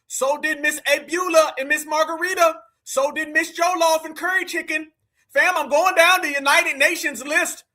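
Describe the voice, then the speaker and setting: A man hosting a live stream, reacting to clips in a loud, mocking way and often calling out to his audience. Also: extremely high pitch. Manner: loud, mocking, keeps addressing "family".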